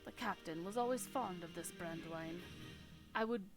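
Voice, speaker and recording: A woman's voice: fairly low pitch, normal speed, music in the background, natural voice. A woman voicing a male hunter in a mock Russian accent, speaking in formal, archaic phrases. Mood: grave, grateful.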